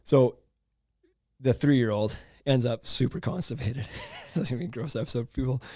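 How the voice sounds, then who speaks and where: A man, hosting a podcast and telling a story in casual chat, animated and laughing often. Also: mid-range voice, normal speed, dry recording, studio quality. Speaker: podcast host.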